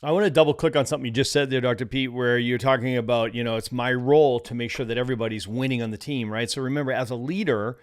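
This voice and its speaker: A middle-aged man co-hosting a podcast, coaching business owners in lively talk, often tagging "right?" and laughing. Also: medium pitch.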